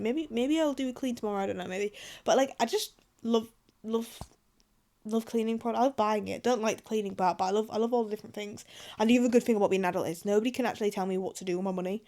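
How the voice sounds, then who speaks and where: A woman's voice: fairly high pitch, mellow. A woman, chatting casually and animatedly to camera, rambling with lots of asides. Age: 20s. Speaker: vlogger.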